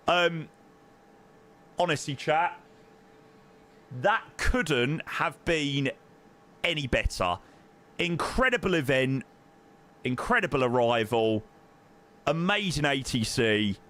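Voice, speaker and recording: Lively man streaming. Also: mid-range voice. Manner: effusive, thanking viewers by name. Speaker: flight sim streamer. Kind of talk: casual live stream chat.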